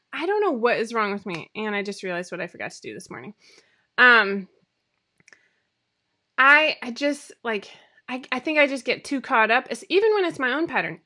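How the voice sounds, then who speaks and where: A woman in her thirties hosts a live show from a room at home, talking to viewers through her webcam. Her voice is bright and sits a little high. She rambles cheerfully, pokes fun at herself, and fills the pauses with ums and likes. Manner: chatty, rambling, self-deprecating, many fillers. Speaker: sewing pattern designer hosting a weekly live show. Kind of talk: casual livestream chat.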